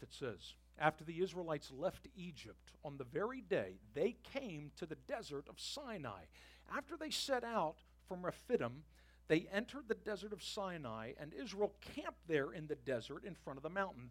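Male pastor, middle-aged, somewhat high voice, animated, conversational sermon delivery. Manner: conversational preaching with asides to the congregation. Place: church sanctuary.

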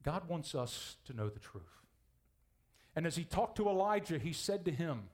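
Male pastor, lively sermon delivery with a slightly high, very expressive voice, acts out quotes. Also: normal speed. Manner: animated, acts out quoted voices, chuckles often.

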